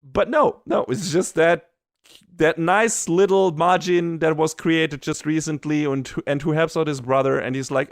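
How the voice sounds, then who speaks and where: A man's voice: fairly high pitch, fairly even intonation, moderate pace, no room sound, clean studio sound. A man co-hosting a podcast, chatting casually and enthusiastically, swearing and laughing often. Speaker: podcast co-host. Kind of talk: casual anime review chat.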